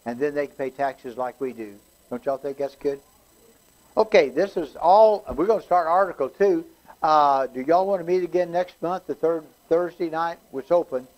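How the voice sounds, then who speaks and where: A man's voice: a little high, a little mellow, poor audio. A man leading a community constitution class, folksy and chatty with frequent restarts. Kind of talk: casual community class talk.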